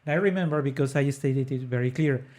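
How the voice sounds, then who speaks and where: At a quick pace, a man with a mid-range, darkish voice explains an aria on his opera podcast. He's earnest, pauses with frequent fillers, and breaks into song to show the notes.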